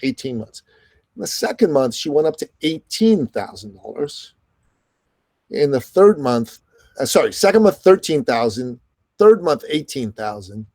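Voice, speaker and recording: A middle-aged man tells a success story at a quick, lively clip. His voice sits at an ordinary male pitch, and the sound is close and dry with no room around it. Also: dry recording. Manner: animated, fast storytelling with quoted dialogue. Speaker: podcast host and business coach, guest. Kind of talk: storytelling in an interview.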